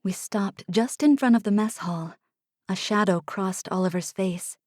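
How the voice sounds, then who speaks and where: A woman narrating a first-person fantasy audiobook in a hushed manner, sometimes dropping to an unvoiced whisper, close to a studio mic. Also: mid-range voice, a little slow, dry recording. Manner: hushed, drops to unvoiced whispers in tense passages.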